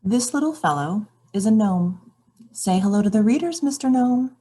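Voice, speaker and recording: A woman's voice: mid-range voice, expressive, normal speed, warm tone. A woman reading a children's picture book aloud, expressively questioning the characters. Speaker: read-aloud storyteller.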